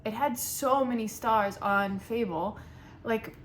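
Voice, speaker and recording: A young woman reviewing a book in a casual, chatty way, nitpicky and animated. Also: a little high, slow, slight background noise. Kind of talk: casual chat.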